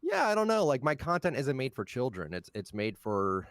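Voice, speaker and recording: A man's voice: medium pitch, huge pitch swings, normal speed, no echo, studio quality. A man being interviewed as a content creator, speaking in a laid-back, blunt way with casual swearing.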